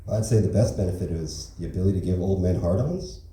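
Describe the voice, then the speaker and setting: Man, stand-up comic, rambling deadpan, dark tone, roomy distant recording. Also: low voice, fast. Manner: rambling, filler-heavy, deadpan. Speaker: stand-up comedian. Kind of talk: stand-up comedy set. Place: comedy club open mic. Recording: echoey room from far off.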